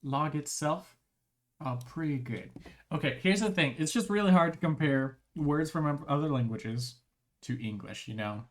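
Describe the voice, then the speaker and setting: In casual stream chat, this speaker rambles and often starts phrases over. The mid-range voice moves at a moderate pace and sounds strained, broken up by frequent throat clearing.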